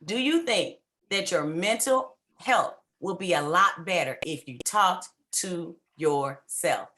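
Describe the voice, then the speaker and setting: A woman's voice: on the low side, expressive, slow pace, sharp tone. A woman giving a fervent, preacher-like motivational talk, coaxing listeners on a video call. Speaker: speaker at a women's symposium.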